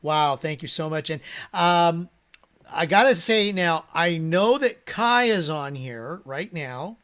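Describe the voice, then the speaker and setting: A man's voice: fairly high pitch, lively intonation, slow pace, fairly bright tone. A man moderating a Q&A call, upbeat and calling on participants by name over a video call. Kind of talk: casual moderating.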